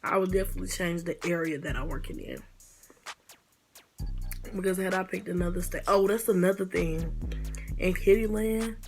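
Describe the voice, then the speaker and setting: A young woman vlogger tells a story in a low, gravelly voice, blunt and fed up, cursing now and then. Music plays clearly behind her casual storytime chat. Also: moderate pace, pauses often, a little mellow. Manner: blunt, exasperated storytelling with swearing.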